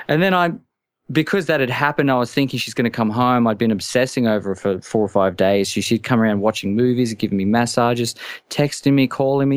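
An anxious man on a call-in show, telling his story haltingly and tripping over his words. His voice is dry and close, with no room around it and a middle pitch. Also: clean tone, no room sound. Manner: halting, stammering, many restarts. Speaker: caller.

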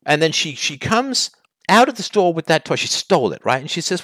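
A man's voice: on the high side, very animated, brisk, sharp tone, dry recording, studio quality. A man hosting a call-in advice show, talking bluntly and challenging the caller with heat.

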